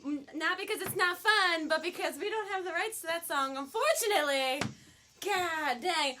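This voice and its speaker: A woman with a high, bright voice hosts a live web show from a studio. She chats casually and rambles in a goofy, self-mocking way. Her jokes come in quick asides. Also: slight background noise. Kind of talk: casual live-stream chat.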